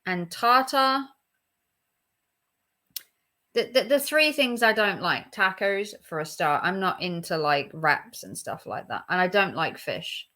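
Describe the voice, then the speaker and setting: A woman's voice: lowish voice, expressive, slow pace, pushed and bright. A young woman vlogging casually as she reacts to quiz questions, chatty and opinionated with emphatic reactions. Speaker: YouTuber.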